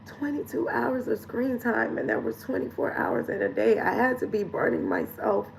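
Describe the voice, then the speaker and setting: A woman coach talks straight to camera in a candid, chatty vlog. Her voice sits a little high for a woman. She speaks frankly and loosely and drops in the odd swear word. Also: normal speed, creaky, slight background noise, poor audio. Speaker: lifestyle coach and vlogger.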